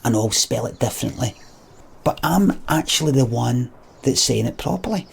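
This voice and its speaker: A young man with a thick Scottish accent rants at his audience, swearing freely and mocking. His voice is rough and raspy, with a gravelly crackle underneath. He sits at a middling pitch. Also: expressive, moderate pace. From Scotland. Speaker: streamer. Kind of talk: ranting monologue.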